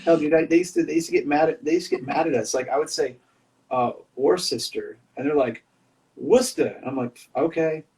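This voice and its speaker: A man's voice: on the high side, fast, a little mellow. Man, mid-range voice, loose rambling storyteller in casual chat, slightly distant from the mic. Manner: rambling storyteller, lots of dude and man fillers.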